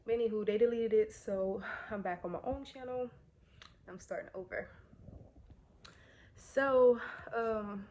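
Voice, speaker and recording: A woman's voice: medium pitch, vocal fry, dark tone, muffled recording, slight background noise. Breathless young woman telling a storytime. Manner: chatty, many fillers, addresses viewers directly. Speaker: vlogger. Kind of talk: casual storytime vlog.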